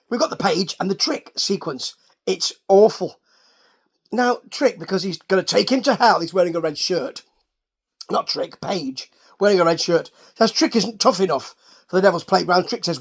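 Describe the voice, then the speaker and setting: A man's voice: high-pitched, animated, normal speed, gravelly, husky. A man rambles through a wrestling show recap in a wry, offhand way. He stops and restarts often and drifts into side comments.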